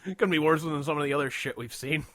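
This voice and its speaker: A man's voice: a little high, fast talker, crowd noise. A man co-hosting a podcast, telling a crude story in casual chat with plenty of laughter. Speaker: podcast co-host.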